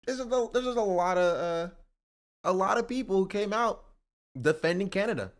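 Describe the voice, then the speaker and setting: A man's voice: animated, moderate pace. A man streaming live, chatting with his viewers and working up joking mock rants. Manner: joking, ranting bits that build in volume and pitch. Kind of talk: casual live-stream chat.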